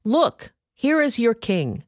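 A woman's voice: a little high, sing-song, takes it slowly, no room sound, clean studio sound, voice pushed up. A woman voicing a stern male Roman governor in a scripture reading, questioning sharply. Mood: proclaiming.

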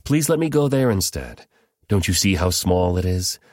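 A man voices an anxious host begging and pleading in a scripture reading. His low voice rises when he pleads. The sound is close and dry. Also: sing-song, normal speed, darkish tone, dry recording.

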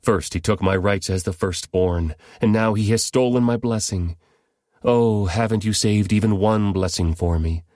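A man's voice: mid-range voice, big pitch swings, measured pace, few pauses, a little mellow, breathy edge, no echo, studio quality, pitched above the performer's own voice. A man reading the part of a desperate grown son pleading with his father for a blessing. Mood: anguished. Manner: pleading, anguished.

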